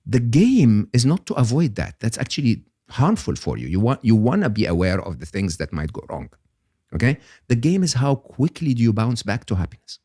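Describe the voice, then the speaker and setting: An older man, a guest on an interview podcast, explaining ideas in an animated, emphatic way and often checking in with "okay?". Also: mid-range voice, moderate pace, dry recording, studio quality.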